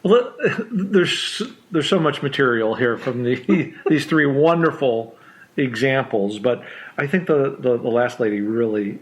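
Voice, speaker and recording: A man at a medium pitch hosts a podcast conversation. He trips over his own sentence openings and laughs easily as he responds. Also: unhurried, slight background noise. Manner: stammering restarts, laughs easily. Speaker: podcast host. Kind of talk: interview chat.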